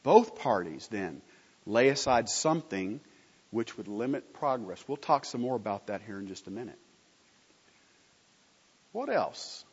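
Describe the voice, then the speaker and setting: A man preaches a sermon in an emphatic teaching style, posing questions to the congregation and answering them himself. His medium-pitched voice swings widely in pitch, unhurried, a little mellow with a breathy edge, on a muffled recording with long hall reverb.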